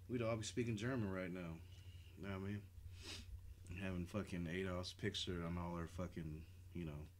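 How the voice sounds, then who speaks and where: A man co-hosting a podcast, chatting casually and swearing freely, getting animated when riled up. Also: low-pitched, a little hiss or hum. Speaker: podcast co-host. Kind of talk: casual chat.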